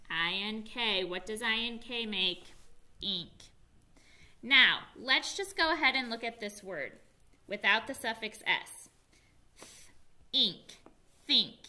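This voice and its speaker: A young woman teaching a phonics lesson to young children, sounding out words slowly and clearly. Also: fairly high pitch, pushed and bright. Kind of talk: early-reading phonics lesson.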